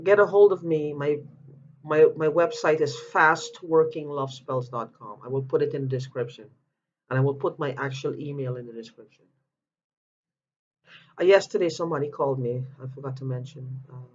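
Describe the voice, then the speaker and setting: Upset guy ranting and begging for help, keeps restarting sentences, kinda high voice, muffled lo-fi sound. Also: a little hiss or hum. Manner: agitated, repeats and restarts, pleading questions. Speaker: vlogger asking for help. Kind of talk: upset personal video monologue. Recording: dull lo-fi audio.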